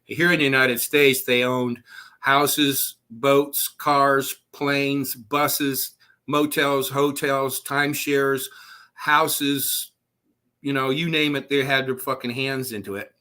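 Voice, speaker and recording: Casting: bright, punchy male raconteur, swears freely, laughs through his stories. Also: mid-range voice, flat delivery, slow, smooth. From Southwest Florida. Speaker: podcast guest, author. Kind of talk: storytelling interview.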